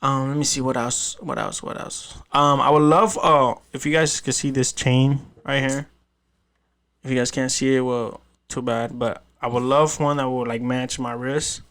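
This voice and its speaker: A man's voice: mid-range voice, steady tone, normal speed, a bit bright. A man hosting a podcast, telling stories in a loose, profane, rambling way with many restarts. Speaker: podcast host. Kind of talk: casual storytelling chat.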